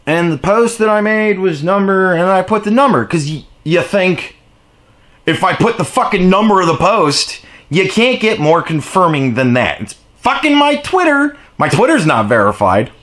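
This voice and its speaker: A young man ranting casually to his camera, profane and animated, recorded on the camera's own mic. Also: sits high. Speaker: vlogger.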